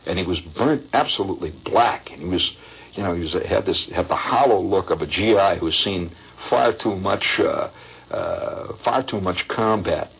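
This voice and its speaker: A man's voice: sits low, normal speed, vocal fry, husky. Older man telling a war story. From Indiana. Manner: animated, acts out voices in a story. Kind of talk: radio storytelling. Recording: dull lo-fi radio with faint music.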